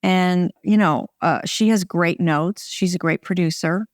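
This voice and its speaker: A middle-aged American woman, a film director, chatting in an interview in a wry, relaxed way with short phrases and restarts. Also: lowish voice, unhurried, no echo, clean studio sound. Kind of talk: casual interview conversation.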